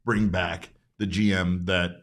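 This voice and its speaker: A young man hosting a sports talk stream with a somewhat low voice. He is loose and irreverent, tossing in jokes and the odd swear word while he lays out the news. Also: level tone, takes it slowly, fairly bright tone. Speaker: sports talk show host.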